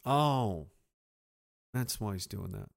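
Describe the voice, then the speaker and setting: A man's voice: lowish voice, expressive, takes it slowly, creaky. A man hosting a live show, ranting sarcastically with lots of swearing and reading out viewer comments. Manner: profane, sarcastic, reads chat comments aloud. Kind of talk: casual livestream rant.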